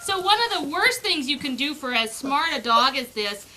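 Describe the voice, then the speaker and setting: A woman's voice: sits high, animated, normal speed, sharp tone, a little hiss or hum. A woman breeder chatting casually outdoors about raising puppies, slipping into sing-song baby talk with the pups as she handles them. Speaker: dog breeder. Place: outdoors on a farm.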